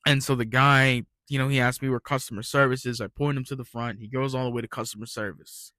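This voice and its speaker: A man's voice: mid-range voice, steady tone, fast talker, sharp tone, dry recording. A young man telling retail work stories in a rambling, ranting casual monologue, swearing freely.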